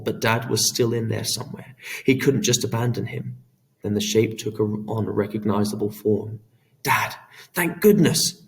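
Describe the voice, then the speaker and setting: A man reading an audiobook in a measured, dramatic storytelling manner. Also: on the low side, vocal fry, recorded from a distance. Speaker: audiobook narrator. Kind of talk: scripted narration.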